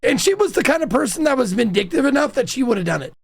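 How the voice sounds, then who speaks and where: A young man hosting a chat with his mother, telling stories in a casual, animated way and laughing often. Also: very high voice, fast, gravelly, slightly rough. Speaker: host interviewing his mother.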